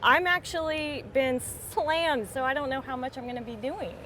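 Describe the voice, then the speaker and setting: Upbeat no-nonsense woman at a party interview, kinda high voice, little hiss. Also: moderate pace, sharp tone. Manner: frank, upbeat, a bit hesitant at first. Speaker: interview guest. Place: outdoor film party.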